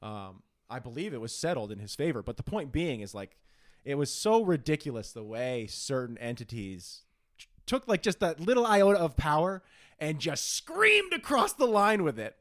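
A man's voice: a little high, big pitch swings, normal speed, fairly bright tone. A young man co-hosting a podcast, telling stories in casual chat, swearing a lot and mocking people in put-on voices. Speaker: podcast co-host.

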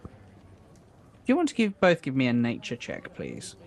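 A man in a mid-range voice narrating a tabletop game as dungeon master. He talks slowly and conversationally, pausing to think as he describes the scene. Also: medium pitch, wildly swooping pitch, vocal fry, a little hiss or hum. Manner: unhurried, conversational narration with hesitations.

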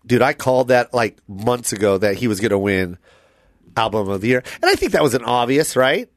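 A man's voice: mid-range voice, brisk, no room sound. A man hosting a podcast in a studio, telling a story with lots of laughter and swearing. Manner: animated storyteller, swears freely, laughs often. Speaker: podcast host. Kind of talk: casual studio chat.

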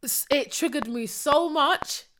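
Animated woman storyteller, slightly high voice. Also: measured pace, background noise. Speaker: podcast co-host. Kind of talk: casual chat.

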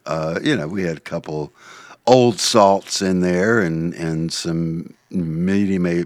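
A man's voice: sits low, dry recording, studio quality. A man co-hosting a podcast in casual chat, telling rambling anecdotes with frequent restarts. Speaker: podcast co-host.

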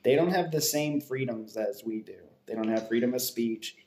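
A man's voice: mid-range voice, moderate pace, a little mellow. A man telling stories in casual chat on a podcast. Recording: echoey room.

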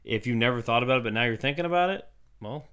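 A young man co-hosting a casual chat show, joking and teasing in relaxed banter. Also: mid-range voice, rapid-fire, clean tone. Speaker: podcast co-host.

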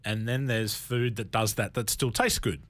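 A man hosting a wine talk show on radio, telling animated anecdotes in casual chat. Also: fairly low pitch, moderate pace. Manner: animated storyteller, lively anecdotes with laughs. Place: radio studio.

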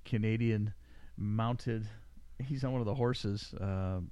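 A man's voice: fairly low pitch, slow pace, dark tone, clean tone, no echo. A middle-aged man hosting a podcast in casual chat, rambling and joking with frequent laughs. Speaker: podcast host. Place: small studio room.

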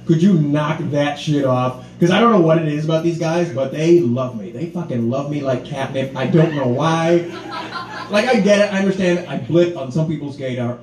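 Male stand-up comic, pitched high, crude and animated, recorded live with club room echo. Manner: crude, animated, laughing punchlines. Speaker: stand-up comedian. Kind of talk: stand-up routine. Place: comedy club stage.

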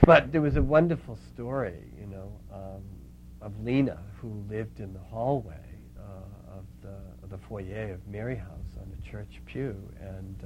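A man's voice: sits low, creaky, slight background noise, low-quality recording. A man telling an anecdote in a casual, reminiscing way, acting out the voices in his story. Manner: lively storyteller who acts out quoted voices. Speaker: storyteller recalling the Catholic Worker.

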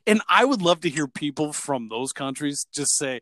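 A man's voice: fairly high pitch, normal speed, dry recording, clean studio sound. A man co-hosting a podcast in casual, joking chat, laughing often. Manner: animated, laughs often, tries out accent impressions. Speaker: podcast co-host.

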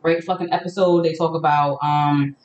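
A woman's voice: deep voice, steady tone, normal speed, darkish tone, muffled recording, slight background noise. A woman with a New York accent co-hosting a casual podcast, talking loosely with lots of ums. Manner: casual, filler-heavy, laughs often. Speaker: podcast co-host. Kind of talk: casual chat. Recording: roomy sound from a distant mic.

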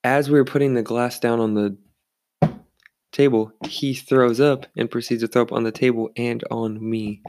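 A man's voice: medium pitch, steady tone, moderate pace, a little mellow, no echo. A young man who works as a bartender, telling rambling bar stories in a casual, swearing way and acting out the people he quotes. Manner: rambling, swears freely, acts out quoted voices. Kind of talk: casual storytelling.

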